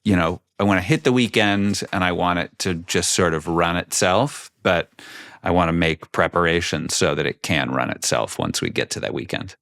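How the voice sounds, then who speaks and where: A man's voice: low voice, normal speed, creaky, fairly bright tone, no room sound. A man in his thirties co-hosting a podcast, talking in a reflective, hesitant way with many fillers. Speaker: podcast co-host. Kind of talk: casual chat.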